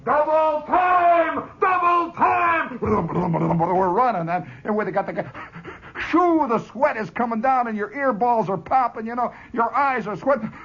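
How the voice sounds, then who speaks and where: Guy on old 70s radio telling a story, chuckles a lot, high voice, lo-fi. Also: moderate pace. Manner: animated, chuckling as he tells it. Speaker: radio host. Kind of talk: storytelling monologue. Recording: dull lo-fi 1970s radio broadcast.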